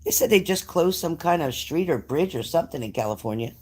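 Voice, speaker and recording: A livestream host from New Jersey chats casually with viewers, reading out their comments and answering them. His voice is a little high and expressive, with a darkish tone, and he talks fairly quickly.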